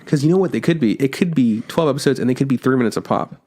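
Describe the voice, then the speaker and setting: A man's voice: medium pitch, very fast, a little mellow. A man co-hosting an anime podcast in casual chat, swearing freely and rambling through recaps. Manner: profane, rambling storyteller. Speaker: podcast co-host.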